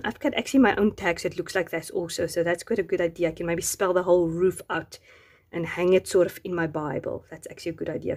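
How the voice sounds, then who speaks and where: A woman casually showing and using Bible journaling craft supplies, gushing over each item. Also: on the low side. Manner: gushing, admiring every item.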